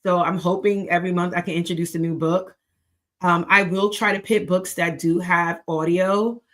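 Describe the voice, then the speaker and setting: A woman's voice: lowish voice, fairly even intonation, moderate pace, fairly bright tone. A young adult woman with an American accent, hosting a book club livestream in a chatty, playful way with laughing asides. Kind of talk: casual livestream chat.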